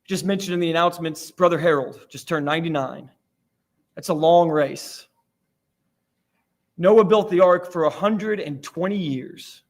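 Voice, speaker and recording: A man with a fairly high voice delivers a church sermon, from Florida by his own account. He talks like he's chatting with friends, slipping in self-deprecating stories between points. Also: unhurried, long pauses. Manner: conversational storytelling, self-deprecating. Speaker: preacher. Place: church sanctuary.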